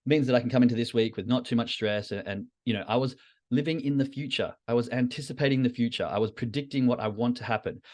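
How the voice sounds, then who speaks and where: A man's voice: mid-range voice, quick pace, a little mellow. A man hosting a podcast, talking candidly and self-critically to a live chat, often repeating phrases for emphasis. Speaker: trading podcast host. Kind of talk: reflective solo talk to a live chat.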